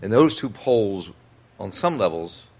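A man's voice: fairly low pitch, very animated, a little slow, a little mellow, slightly rough. A man interviewing a guest, thoughtful and restarting his questions as he frames them. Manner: thoughtful, rephrases questions mid-sentence. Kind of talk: conversational interview.

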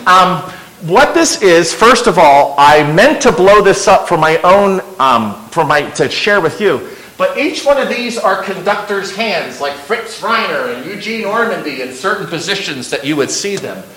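A man's voice: high voice, lively intonation, a little slow, pushed and bright, low-quality recording. A man giving an informal illustrated history lecture to an audience, conversational and with wry asides. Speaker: local historian giving a slide talk.

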